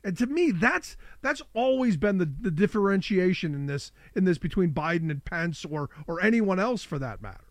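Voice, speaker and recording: Guy hosting a call-in show, kinda high voice, sick and rough, dry close mic. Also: sing-song, dry recording. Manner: casual, chatty, quick asides. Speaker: radio talk show host. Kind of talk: call-in political talk.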